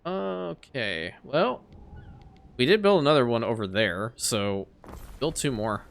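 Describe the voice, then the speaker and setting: A man giving casual let's-play commentary, talking to the game as he plays and muttering to himself, at times breaking into loud exasperated rants. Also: mid-range voice, expressive, slow, gravelly. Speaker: gameplay commentator.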